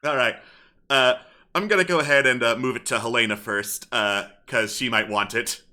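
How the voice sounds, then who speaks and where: Bright-voiced man running a tabletop game. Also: medium pitch. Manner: reads a letter slowly and softly. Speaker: game master.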